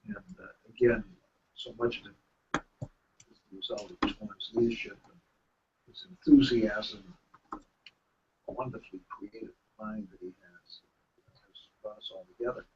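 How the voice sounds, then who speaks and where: An older man speaking as a guest at a forum, relaxed and conversational. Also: lowish voice, a little slow, pauses often. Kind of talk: formal public remarks. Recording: dull lo-fi with background noise.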